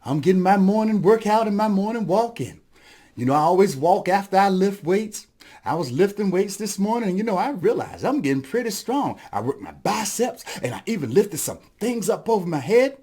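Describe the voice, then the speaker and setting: A cocky little trickster rabbit, put on by a male storyteller, bragging in a high, bouncy voice that jumps all over the place. He talks smooth and sly, like he's always selling something. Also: lively intonation, moderate pace, warm tone. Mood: boastful. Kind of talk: storytelling performance.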